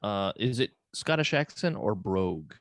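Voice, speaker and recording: A man's voice: on the low side, very animated, moderate pace, dry recording, clean studio sound. A man co-hosting a podcast, chatting in a laid-back, rambling way with jokes. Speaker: podcast co-host. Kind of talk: casual chat.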